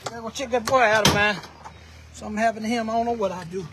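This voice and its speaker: A man's voice: sits high, fairly even intonation, fast, background noise. A man talking casually in a vlog outdoors. He calls out short directions and then hawks things for sale in a joking patter. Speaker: vlog host.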